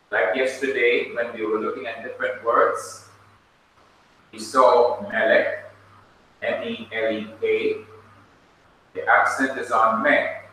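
A Jamaican man teaches a classroom lesson at a very slow, patient pace, spelling words out letter by letter. His voice is bright and forceful. He sounds set back from the mic in a very echoey room with faint noise. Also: mid-range voice, recorded from a distance. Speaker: Bible college teacher. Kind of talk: classroom lecture.

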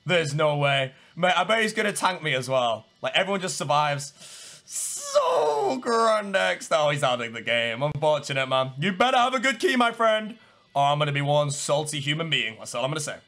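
A young man giving excitable live gameplay commentary, swinging between low muttering and loud yelling. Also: fairly quick. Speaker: gaming streamer.

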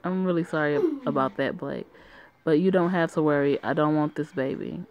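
A woman reading the lines of a cold, pushy young boyfriend in a flat, barely changed voice. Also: low voice, fairly quick, highs cut off.

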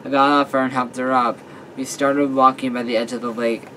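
Halting young man reading a story aloud. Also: mid-range voice, flat delivery, pushed and bright, slight background noise, poor audio. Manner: halting, with fillers and self-corrections. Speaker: story reader. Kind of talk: casual reading of a fan story.

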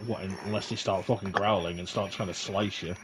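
A man's voice: deep voice, fairly even intonation, brisk, background noise. A man making crude jokes during a casual multiplayer game with friends. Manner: crude, joking. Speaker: gaming friend. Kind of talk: casual multiplayer gameplay chat.

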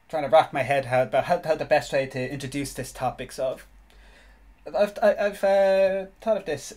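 A man's voice: on the high side, a little mellow. A man from Ireland, a podcast guest, explaining a topic hesitantly with many restarts.

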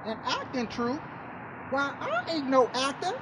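A man's voice: very high voice, wildly swooping pitch, a little slow, noisy background, voice pushed up, heavily acted. A man voicing a plain-spoken, puzzled rural man with a Southern American accent.

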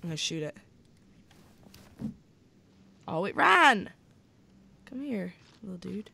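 A woman's voice: medium pitch, very animated, creaky, bright, forceful tone, a little hiss or hum. Playful woman hosting co-op gameplay. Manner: playful, teasing, drawn-out pleading. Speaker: gaming channel host. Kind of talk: co-op gameplay commentary.

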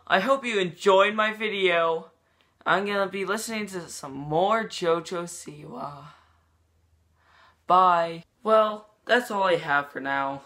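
Bright-voiced deadpan vlogger. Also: medium pitch, slow. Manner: deadpan, jokey, mock-dramatic. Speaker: YouTuber. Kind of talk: joking comedy vlog.

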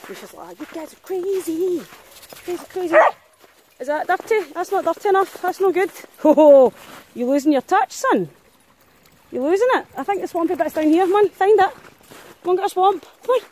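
A professional dog walker vlogs while walking a pack of dogs through snowy, muddy countryside, chatting, teasing and calling out to them with frequent laughs. Her very high voice is animated, a little fast and darkish in tone, with a little hiss or hum in the recording.

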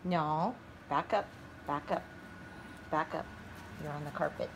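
A woman at home chatting to her pet in a high, sing-song baby-talk voice, recorded on a phone. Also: measured pace. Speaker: pet owner. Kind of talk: talking to pets at home. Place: indoors at home. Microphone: handheld phone camera. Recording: noisy home phone video.

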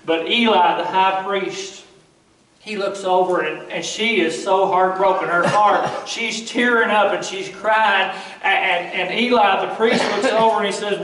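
A man delivers a sermon in a fairly high voice, retelling scripture in a folksy, conversational way. He stands some distance from the microphone, and his words ring around an echoey church sanctuary. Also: fairly even intonation, normal speed, a bit bright, slight background noise. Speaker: preacher.

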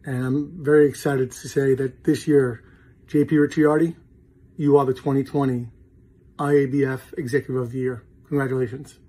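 A man's voice: medium pitch, flat delivery, moderate pace, mellow, slightly rough. A man presenting an award over a video call, reading through a career summary with occasional fillers.

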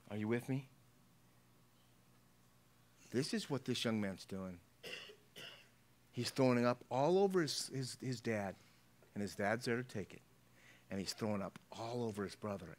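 A middle-aged pastor with a fairly low-pitched voice preaches a sermon, unhurried and pausing often. He talks conversationally, repeating his words and checking in with his listeners.

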